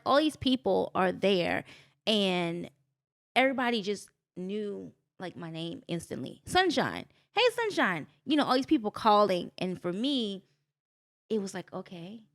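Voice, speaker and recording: Middle-aged woman, podcast guest, animated storyteller, acts out what people said. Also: fairly low pitch. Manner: expressive, acts out quotes, faith-filled. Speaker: guest, business owner.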